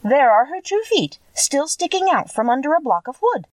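A woman voicing a small, wrinkled, kindly old good witch who speaks sweetly and calmly, with a gentle assurance. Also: high voice, normal speed, no room sound, distant mic, pitched above the performer's own voice, poor audio.

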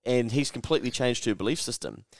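A man co-hosting a casual podcast, swearing freely and mimicking people in loud, high voices. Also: fast, no echo, studio quality. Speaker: podcast co-host.

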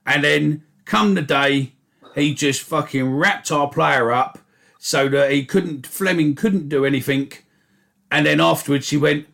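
A man's voice: mid-range voice, moderate pace, vocal fry, fairly bright tone. A man hosting a football podcast round table, telling stories in a jokey way and swearing now and then. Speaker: podcast host. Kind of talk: casual chat.

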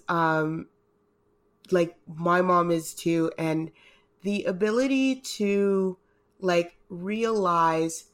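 A woman co-hosting a podcast in casual chat, heartfelt and rambling, emotional and close to tears. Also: on the low side. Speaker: podcast co-host.

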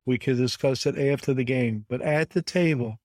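A man in his seventies from the United States, a guest telling animated stories with emphatic repetition in an interview. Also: medium pitch, normal speed, no room sound. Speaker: guest, bridge champion. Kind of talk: conversational storytelling interview.

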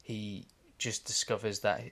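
A man's voice: on the low side, flat delivery, measured pace, a bit bright. A young man co-hosting a podcast, talking enthusiastically and casually, swearing now and then and laughing often. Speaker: podcast co-host. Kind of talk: casual chat.

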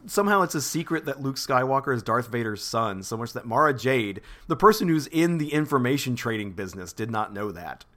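A man's voice: medium pitch, animated, fairly quick, few pauses, pushed and bright. A man co-hosting a podcast, recapping chapters in a rambling, laughing chat. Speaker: podcast co-host.

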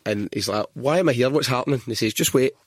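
A man's voice: medium pitch, fast, no room sound, studio quality. A Scottish man hosting a podcast, easygoing and swearing casually in chat. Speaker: podcast host.

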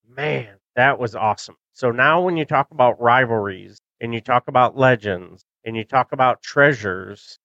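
A man's voice: medium pitch, fairly bright tone, clear, resonant tone, dry recording, muffled recording. A middle-aged man hosting a podcast in casual chat, rambling and nostalgic with many fillers, close to the mic. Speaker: podcast host.

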